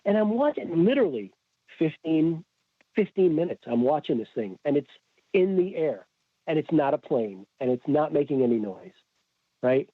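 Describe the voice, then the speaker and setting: Animated man telling a story over a phone-like line. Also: fairly high pitch, normal speed, dry recording. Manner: animated, acts out quoted dialogue. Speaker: podcast guest. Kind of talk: storytelling in casual chat. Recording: tinny phone-like remote call.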